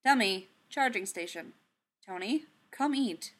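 A woman voicing a patient male soldier who speaks softly, firmly and precisely. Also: medium pitch, unhurried. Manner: soft, firm and even. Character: calm, patient male soldier, gently firm. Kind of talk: audiobook character reading.

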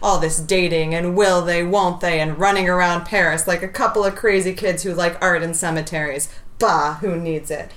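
A woman doing a loud, theatrical dad. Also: lowish voice, fairly even intonation, moderate pace, few pauses, voice pushed down, natural voice. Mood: ranting. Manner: loud, theatrical, outraged rants. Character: excitable grown man, dramatic dad.

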